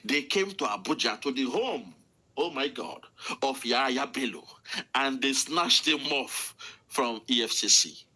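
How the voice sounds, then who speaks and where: A man's voice: medium pitch, lively intonation, a little slow, sharp tone, slightly rough. A man with a Nigerian accent delivering an angry political rant, furious and insulting, repeating himself. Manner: furious, insulting, repetitive ranting. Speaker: political commentator.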